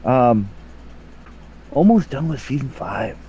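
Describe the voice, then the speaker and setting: Slow, mellow male podcast co-host. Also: mid-range voice, big pitch swings, highs cut off, a little hiss or hum. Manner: slow, jokey, laid-back. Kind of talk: casual podcast chat.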